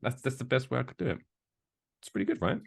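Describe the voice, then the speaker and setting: Rambling animated man in his thirties. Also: medium pitch, quick pace, creaky, husky. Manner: rambling, animated, crude joking. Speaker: podcast co-host. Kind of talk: casual podcast chat.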